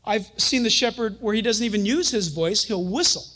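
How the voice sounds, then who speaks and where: High-voiced man preaching with chuckles. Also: moderate pace. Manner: animated storytelling, chuckles often, acts out quotes. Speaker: pastor and Bible teacher. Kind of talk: sermon.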